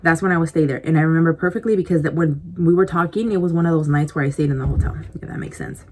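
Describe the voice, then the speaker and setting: A woman's voice: sits low, very fast, darkish tone. A woman vlogger telling a casual story to the camera, rambling and chatty, full of "like" and "you know," confiding in her viewers as she snacks. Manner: confiding, speaks directly to viewers. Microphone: compact camera mic.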